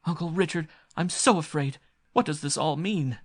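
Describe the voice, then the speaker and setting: A man voices a character: a frightened, refined and sheltered young woman fresh from the city, who stammers and pants breathlessly as she talks. His voice is pushed up a little high but stays close to an everyday voice, at a moderate pace.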